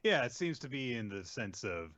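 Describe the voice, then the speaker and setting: A man's voice: medium pitch, very animated, normal speed, fairly bright tone, dry recording, muffled recording. A man co-hosting a casual podcast, trading dry joking asides about manga. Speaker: podcast co-host. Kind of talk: casual chat.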